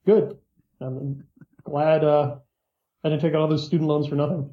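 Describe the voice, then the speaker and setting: A man guesting in an interview as an author, explaining his ideas in a measured, lecturing way. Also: a little high, level tone, echoey room, highs cut off.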